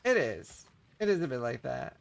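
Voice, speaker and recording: A man's voice: medium pitch, big pitch swings, normal speed, gravelly. A man live-streaming a game, chatting casually and answering his chat between plays.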